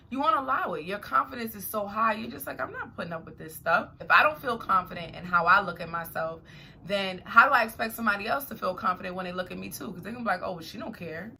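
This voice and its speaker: A young adult woman vlogger talking casually to her viewers, chatty and animated. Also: medium pitch, slightly rough. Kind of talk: casual talk to camera.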